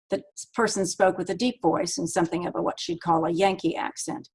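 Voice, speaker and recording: Woman author reading her book out loud, husky and kinda low, steady and measured. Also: poor audio. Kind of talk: reading from her own novel.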